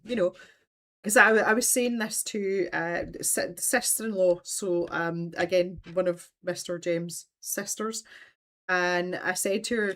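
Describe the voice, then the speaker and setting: A woman's voice: fairly low pitch, fairly bright tone. A woman with a Scottish accent hosting a casual livestream from home, talking in a rambling, chatty way and laughing often. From Scotland. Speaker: livestream host.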